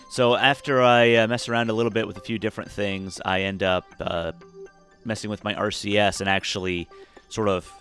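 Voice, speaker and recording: A man's voice: fairly low pitch, fairly bright tone. A tired man casually talking through a space game, rambling with lots of fillers and restarts. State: tired, yawning. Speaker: gameplay commentator. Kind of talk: casual let's-play commentary.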